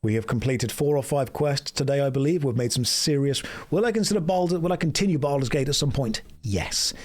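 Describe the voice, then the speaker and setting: A man's voice: mid-range voice, brisk, a little mellow. A man chatting on a casual gameplay livestream, joking and rambling as he reads game text aloud. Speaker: streamer.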